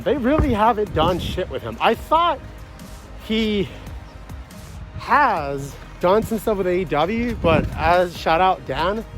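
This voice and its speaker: Over a low-quality recording, a high-pitched man rambles through a casual reaction review of a wrestling event. He gives frank opinions and swears a lot.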